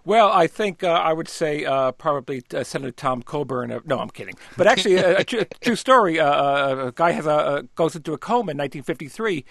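A male radio guest tells a joke in a deadpan way. His voice sits slightly high. The sound is dry and close. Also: fast, gravelly, few pauses, no echo. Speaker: political editor guest. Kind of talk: casual radio interview.

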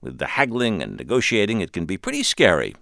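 Low-voiced man anchoring news. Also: wildly swooping pitch, fast, creaky, pushed and bright, dry recording, studio quality. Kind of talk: scripted news introduction.

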